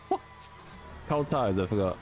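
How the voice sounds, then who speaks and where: A man's voice: on the low side, expressive, a little slow, music in the background. A British man with a British English accent, chatting casually on a live stream while sim racing, reading chat aloud and laughing easily. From Britain.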